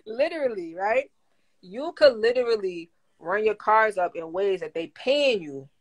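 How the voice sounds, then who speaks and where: A woman coaching listeners on credit in a casual livestream, talking in animated slang and laughing often. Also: mid-range voice, slow pace. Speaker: credit coach teaching a class. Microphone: phone.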